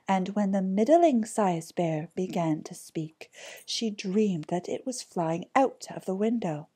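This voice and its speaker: A woman reading a fairy tale aloud, gentle and slow, dropping some words to a whisper. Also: medium pitch, husky. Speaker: storybook reader.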